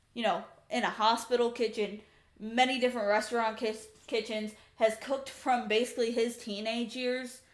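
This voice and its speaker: Woman livestreamer, slightly high-pitched, animated and exasperated storyteller, roomy home echo. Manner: chatty, exasperated, animated retelling. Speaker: streamer. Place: home room with a couch. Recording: echoey room.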